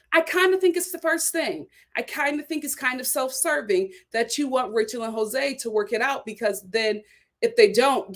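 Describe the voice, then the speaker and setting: A young woman with a light Philadelphia accent hosting a casual live-stream chat, talking in an animated way with frequent "right?" asides. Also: fairly high pitch. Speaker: host reviewing a reality show.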